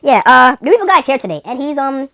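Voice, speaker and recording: A young man voicing his nervous friend on the phone, halting and hesitant. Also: very high-pitched, big pitch swings, background noise, voice pushed up, exaggerated voice.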